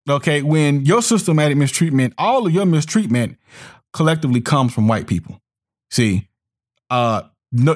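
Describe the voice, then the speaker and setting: A man delivering a heated monologue, emphatic and repetitive, often restarting his words and slipping into sneering mock voices. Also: mid-range voice. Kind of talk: ranting monologue commentary.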